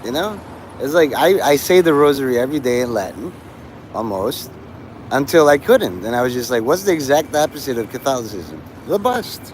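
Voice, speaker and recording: A man's voice: medium pitch, very animated, a little fast, slight background noise, low-quality recording. A man in his forties hosting a livestream, rambling casually, trailing off and restarting his thoughts. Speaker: livestream host.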